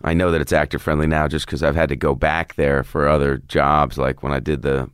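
A middle-aged actor from Southern California, chatting casually as an interview guest and telling rambling stories with laughs. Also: male voice, very deep voice, fairly quick, smooth, dry recording, clean studio sound. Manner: relaxed storyteller, frequent restarts and laughs.

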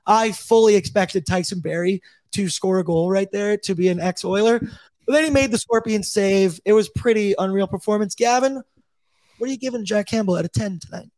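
A man hosts a casual hockey talk show with a bright, high voice. He keeps things upbeat, reading out viewers' chat comments and passing the floor to his co-hosts. His voice sounds dry and close to the mic. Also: moderate pace, no room sound. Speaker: podcast host.

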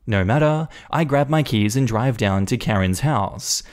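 A man reading a first-person Reddit story aloud in an animated, indignant storytelling manner. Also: mid-range voice, a little slow. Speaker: story narrator.

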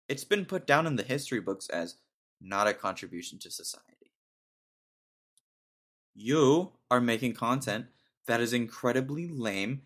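On his solo podcast, a young man rants in an exasperated, mocking tone and laughs at his own jokes. His voice is medium-pitched and a bit bright.

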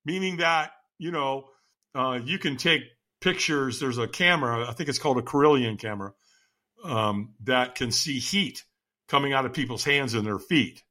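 Man, bright voice, animated storyteller, laughing, acts out quotes. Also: medium pitch, moderate pace. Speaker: guest, firewalk instructor.

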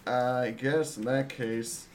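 A man playing in a tabletop game, with dry, deadpan remarks. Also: mid-range voice, slow pace, slight background noise. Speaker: player. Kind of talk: casual tabletop game play.

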